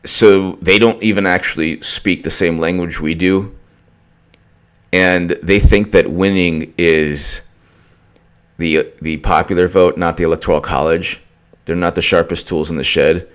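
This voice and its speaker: Deep-voiced man ranting about politics. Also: fairly even intonation, measured pace, clean tone. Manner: ranting, mocking, repetitive restarts. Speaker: political commentator. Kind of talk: opinionated political commentary.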